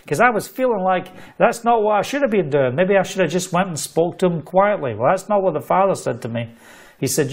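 A middle-aged preacher livestreams a sermon full of fervent conviction, his voice pitched a little high. He is expressive and brisk, weaving in stories and repeating phrases for emphasis.

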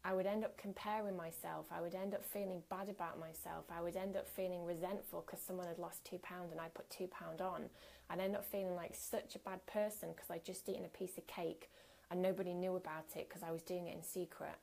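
Candid gravelly-voiced woman coach. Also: lowish voice, level tone, a little fast, a little mellow. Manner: candid, earnest, conversational with fillers. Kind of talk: workshop talk.

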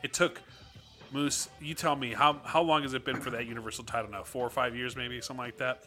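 A man's voice: medium pitch, steady tone, quick pace, bright, forceful tone, soft background music. A man co-hosting a casual wrestling podcast, rambling and asking questions. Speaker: podcast co-host.

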